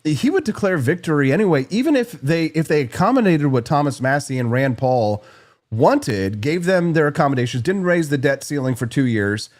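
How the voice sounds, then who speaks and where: A man's voice: a little high, expressive, normal speed, darkish tone. A man from Missouri hosting a live-streamed political talk show, opinionated and jokey.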